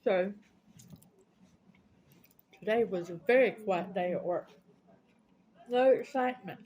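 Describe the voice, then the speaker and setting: A woman's voice: medium pitch, takes it slowly, lo-fi sound, a little hiss or hum. A woman with a Southern US accent, chatting casually as a vlogger and bluntly retelling an argument, quoting both sides. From United States. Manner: blunt, indignant, retells arguments with quoted dialogue. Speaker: mukbang vlogger. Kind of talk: casual storytelling chat.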